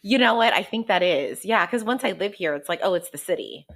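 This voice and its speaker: A woman's voice: mid-range voice, lively intonation, brisk, fairly bright tone. A woman guest on a podcast, chatting casually and thinking aloud with a giggly, easy manner. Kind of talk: casual chat.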